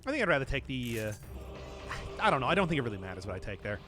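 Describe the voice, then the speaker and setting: A man's voice: mid-range voice, very animated, rapid-fire, pushed and bright, faint music behind. A man chatting casually to his viewers while playing a game, rambling and chuckling often as he answers chat. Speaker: streamer. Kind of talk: casual live-stream commentary while gaming.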